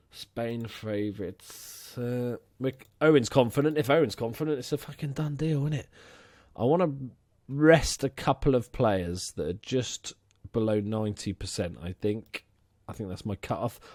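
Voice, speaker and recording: A young man talks through his football management game in a chatty, excitable way, cursing now and then and cheering his own goals. His pitch swings widely from low mutters to high bursts. The sound is dry and close, with no room echo. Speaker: let's play host. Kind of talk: casual game commentary.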